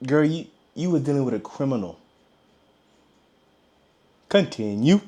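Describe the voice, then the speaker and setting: Slow-talking man hosting a reaction. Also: mid-range voice, animated, dark tone. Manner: drawn-out, repeats key points with pauses. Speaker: host reacting to a caller's story. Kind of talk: live reaction commentary.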